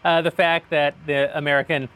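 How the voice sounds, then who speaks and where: A man's voice: fairly high pitch, flat delivery, moderate pace, fairly bright tone, clear, resonant tone. Wry joking male podcast host. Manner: wry, joking, chuckles often. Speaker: show host reading an ad. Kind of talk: casual podcast banter.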